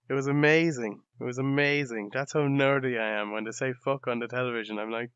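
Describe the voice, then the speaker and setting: A man's voice: medium pitch, fairly even intonation, a little fast, hardly any pauses, fairly bright tone, clear, resonant tone, no room sound. A young Irish man hosting a podcast, speaking in a casual, sardonic and rambling comedic monologue full of swearing. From Ireland. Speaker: podcast host. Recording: dull lo-fi dry recording.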